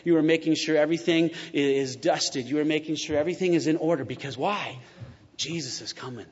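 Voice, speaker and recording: A man's voice: on the high side, fairly quick. Man preaching in a reverberant hall. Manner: conversational and animated, acts out quotes. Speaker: pastor. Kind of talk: sermon. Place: church sanctuary. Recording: muffled sound with long reverb in a large hall.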